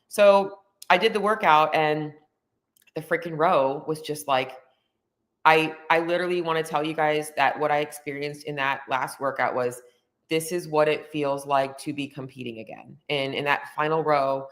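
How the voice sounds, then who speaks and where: A woman's voice: low-pitched, moderate pace. A woman hosting a podcast, talking casually and candidly about her own experience. She uses many fillers and gets openly emotional. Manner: chatty, lots of "like" and "um" fillers. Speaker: podcast host. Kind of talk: casual personal monologue.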